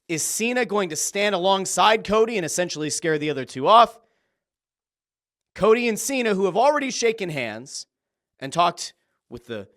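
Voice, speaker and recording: Rich: A male podcast host with a high, bouncy voice that swoops up and down as he talks. He chats casually and excitedly, swearing freely and acting out his own reactions in quoted bursts. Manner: uses profanity freely.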